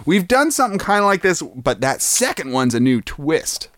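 A man co-hosting a podcast in a casual, playful chat, theatrical and quick to laugh. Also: fairly high pitch, big pitch swings, fairly bright tone, no room sound, studio quality. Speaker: podcast co-host.

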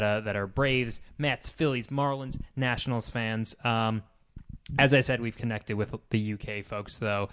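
A young man co-hosting a casual podcast, talking in a relaxed, rambling way with hesitations. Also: medium pitch, clear, resonant tone. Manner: laid-back, rambling, hesitant fillers. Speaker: podcast co-host.

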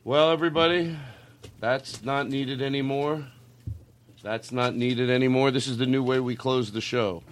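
A man's voice: medium pitch, moderate pace, a little hiss or hum. A man hosting a comedy podcast, rambling and laughing, with a dry, close studio sound. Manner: rambling, laughing, goofy voices. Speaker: podcast host.

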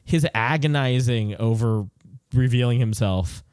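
A man's voice: medium pitch, a little slow, a little mellow, clear, resonant tone, dry recording, studio quality. A man talking casually about a film, rambling with frequent restarts. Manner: rambling, restarts often, lots of "like". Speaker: podcast co-host.

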